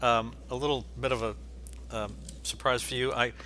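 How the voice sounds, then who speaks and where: A man's voice: medium pitch, fairly even intonation, normal speed, sharp tone. A man hosting an interview from his home over a video call, talking casually in a hesitant way, with lots of fillers and restarts. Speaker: interview host. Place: home in Florida.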